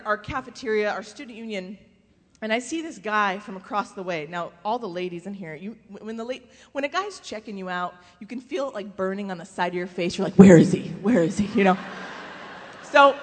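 Animated woman telling stories in a hall. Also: on the high side. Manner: animated storyteller, acts out voices, laughs often. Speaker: speaker giving a faith talk. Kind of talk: humorous testimony to a live audience. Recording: long hall reverb.

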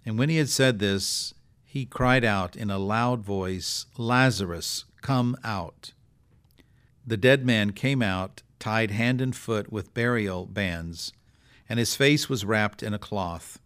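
Measured low-voiced bishop reading scripture. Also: male voice, fairly bright tone, clean tone. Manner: measured, with pauses and fillers when speaking freely. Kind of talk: scripture reading and reflective discussion.

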